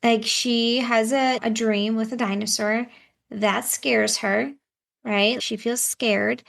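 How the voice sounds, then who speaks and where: Woman host coach, slow and affirming, higher gravelly voice. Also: steady tone, a bit bright. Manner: affirming, encouraging. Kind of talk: coaching conversation.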